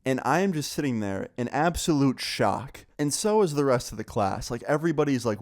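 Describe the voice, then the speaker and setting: A young man casually telling a school story, animated and swearing, acting out what others said. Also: mid-range voice, normal speed. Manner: animated, swearing, acts out quoted voices. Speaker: storyteller vlogger.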